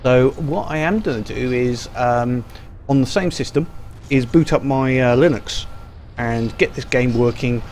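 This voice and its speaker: A man's voice: medium pitch, unhurried, a little mellow, slight background noise. A man giving casual, rambling gameplay commentary full of ums and restarts, recorded over a screen capture. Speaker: gaming YouTuber.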